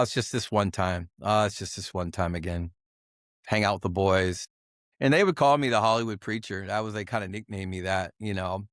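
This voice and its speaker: A middle-aged man giving a candid personal testimony as a podcast guest, earnest and confessional, halting with many fillers and restarts. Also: lowish voice, smooth, no room sound, clean studio sound. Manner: halting, full of "you know" fillers and restarts.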